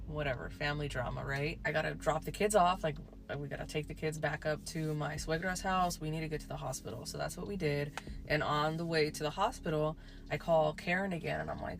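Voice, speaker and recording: A woman's voice: low-pitched, fairly even intonation, quick pace, creaky. A woman telling a true ghost story in a casual, chatty way, full of "like" and swearing.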